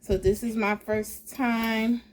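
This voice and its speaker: A woman hosting a casual home cooking vlog, talking in a relaxed way with lots of ums. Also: on the high side, slow, a little hiss or hum. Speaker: cooking vlogger.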